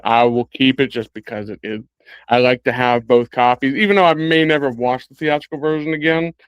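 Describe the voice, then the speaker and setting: Smooth-voiced man rambling about his films. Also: medium pitch, dry recording, low-quality recording. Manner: rambling, many restarts, laughs along. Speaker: film discussion co-host. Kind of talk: casual film discussion.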